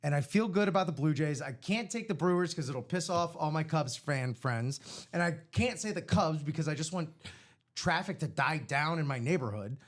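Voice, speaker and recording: A man co-hosting a live sports card break, running through scores in animated, casual banter. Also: a little high, normal speed.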